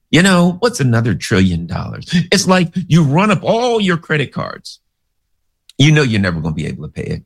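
A man's voice: mid-range voice, creaky, husky. A man giving casual, sarcastic political commentary, rambling through stories and asides.

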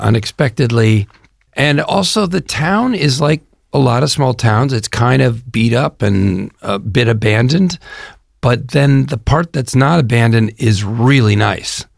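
An older actor from the Chicago area in the US Midwest talks eagerly and at length as a guest in a promotional interview, rambling like an enthusiastic storyteller. His voice is medium-pitched and creaky, captured in a dry, clean studio recording.

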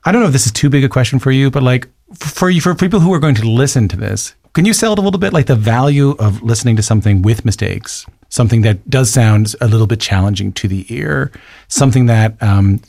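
Fast-talking man with a gravelly voice. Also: mid-range voice, lively intonation, darkish tone, dry recording. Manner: quick, searching questions with restarts and "like" fillers. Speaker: podcast host. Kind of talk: casual interview conversation.

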